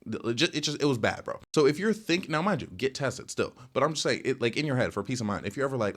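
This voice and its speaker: A young man casually telling a storytime rant, rambling with lots of filler words and sudden jumps in pitch. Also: animated, fast talker, hardly any pauses. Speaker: storytelling vlogger.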